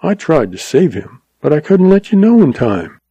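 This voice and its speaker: A quick-witted young cowboy spinning a tall tale with folksy ease, voiced by a male narrator. The voice is warm and mellow. It sounds close and dry, like a storybook reading. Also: a little high, very animated, breathy edge, no room sound, muffled recording, pitched above the performer's own voice, heavily acted. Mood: mournful. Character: young cowboy, sly and smooth-talking.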